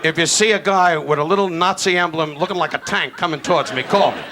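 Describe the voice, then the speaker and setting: A man doing a brash insult stand-up routine, teasing and shouting at people in the live audience. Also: on the high side, fast. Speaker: stand-up comedian. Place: stage before a live audience. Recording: noisy live recording with loud crowd.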